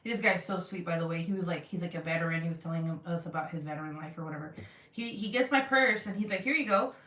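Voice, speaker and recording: A young woman craft vlogger chats to viewers and reads live comments, telling stories in a loose, profane, animated flow and acting out the people she quotes. Her voice is fairly low and fast. Sitting a little back from the mic, she sounds distant with a roomy echo.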